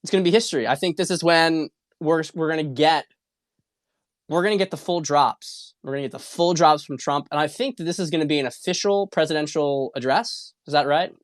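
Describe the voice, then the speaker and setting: A man's voice: a little high, a little fast, no echo, studio quality. Profane, fired-up man ranting. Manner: rambling, repetitive, fired-up and profane. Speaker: political commentary host. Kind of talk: casual livestream monologue.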